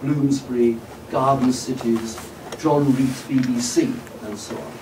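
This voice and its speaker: A man giving a public lecture in a hall, measured and discursive, with frequent "uh" and "um" and occasional wry asides. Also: mid-range voice, fairly even intonation. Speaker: guest lecturer. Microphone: distant room mic. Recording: roomy hall audio from a distance with faint background noise.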